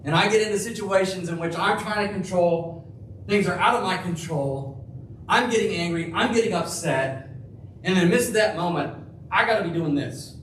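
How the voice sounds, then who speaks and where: A male pastor preaching a sermon in a church, slow and emphatic, dropping to a hush for key phrases. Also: high-pitched, a little hiss or hum. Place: church sanctuary. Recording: echoey room, heard from a distance.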